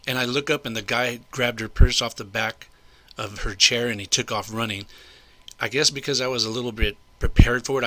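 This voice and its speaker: A man's voice: mid-range voice, a bit bright, no room sound. An older man telling a story in a casual, rambling way, indignant and full of asides. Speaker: vlogger recounting a personal incident.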